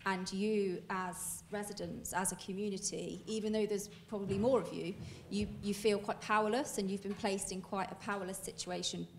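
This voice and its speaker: A woman's voice: mid-range voice, steady tone, normal speed, creaky, few pauses, a little hiss or hum. A woman panelist talking about human rights, thoughtful and hesitant, with frequent ums. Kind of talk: panel discussion answer.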